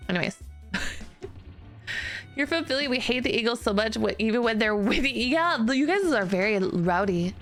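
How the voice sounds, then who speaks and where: A woman's voice: on the high side, expressive, normal speed, long pauses, fairly bright tone, faint music behind. A woman streamer chatting casually with her viewers in a giggly, self-deprecating way, often restarting her sentences.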